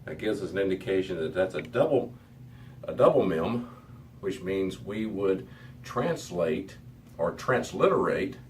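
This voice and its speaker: A man's voice: deep voice, lively intonation, a little slow, a little mellow. A middle-aged man teaching a Hebrew lesson to a class, methodical and repeating words as he goes. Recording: distant mic with faint background noise.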